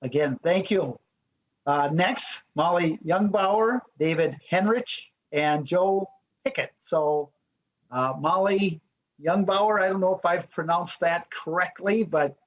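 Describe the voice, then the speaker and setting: A man's voice: on the high side, unhurried, highs cut off. A man chairing a legislative hearing who thanks and calls witnesses in a courteous, friendly way. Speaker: committee chair.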